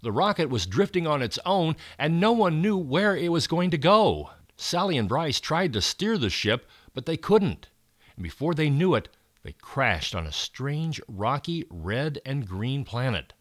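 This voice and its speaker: Lively man reading a storybook aloud. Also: on the high side, unhurried, no room sound, studio quality. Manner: expressive, rising and falling for excitement. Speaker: narrator reading a children's story.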